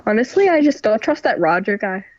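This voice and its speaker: A woman's voice: medium pitch, very animated, fairly quick, dull audio. A woman player chatting casually and giggling during a tabletop game. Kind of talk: casual chat while playing.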